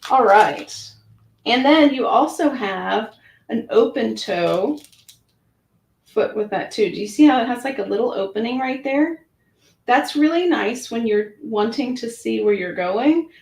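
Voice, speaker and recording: A woman's voice: a little high, expressive, unhurried, gravelly, darkish tone. A woman giving a chatty, hands-on demonstration of a sewing machine, narrating her own actions with lots of fillers. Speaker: product demonstrator. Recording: roomy echo.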